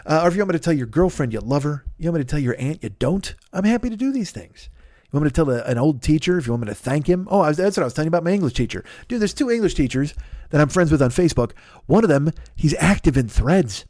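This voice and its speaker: A man's voice: fairly high pitch, animated, fast, darkish tone, no echo, studio quality. A man in his fifties ranting in a comedic podcast monologue, swearing a lot and jumping between stories. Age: 50s. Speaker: podcast host.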